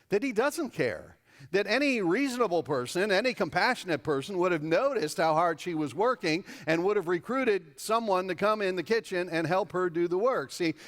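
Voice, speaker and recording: Chatty funny pastor guy preaching, kinda high voice, echoey church. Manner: conversational and humorous, jumps up in pitch for emphasis. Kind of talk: sermon. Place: church sanctuary.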